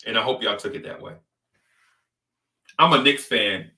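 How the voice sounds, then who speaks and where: A man rants in casual sports talk, animated and repetitive as he trash-talks. His voice is very bright and edgy. He sits back from the mic in a roomy, echoing space. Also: medium pitch, normal speed, recorded from a distance. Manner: animated, trash-talking, repeats phrases for emphasis. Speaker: sports podcast host.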